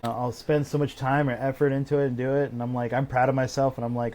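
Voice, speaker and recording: A man's voice: medium pitch, flat delivery, fast talker, darkish tone. A man co-hosting a podcast, speaking reflectively and rambling, often restarting his sentences. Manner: rambling, self-correcting, reflective. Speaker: podcast co-host. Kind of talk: candid conversation.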